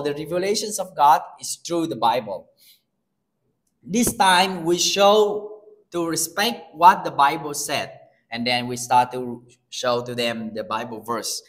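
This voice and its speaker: A male pastor with a Vietnamese accent delivers a sermon in non-native English. He preaches slowly and emphatically, his pitch swinging in lively ways.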